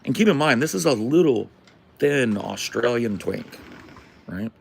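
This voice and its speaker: A man hosting a podcast, telling a rambling story in a casual, profane, animated way. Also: medium pitch, a little slow, creaky, slightly rough. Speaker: podcast host.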